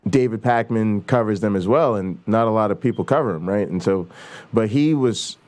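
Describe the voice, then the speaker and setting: A middle-aged man hosts a casual talk show and rambles loosely. His speech is full of fillers and swearing. His voice sits on the low side. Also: normal speed, darkish tone. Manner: rambling, profane, with many fillers. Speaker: host. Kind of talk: casual chat.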